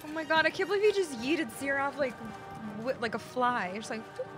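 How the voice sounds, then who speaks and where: A young woman streaming a video game, reacting excitedly, swearing and shrieking in surprise. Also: sits high, fairly quick. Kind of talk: live gameplay reactions. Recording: game music loud behind her.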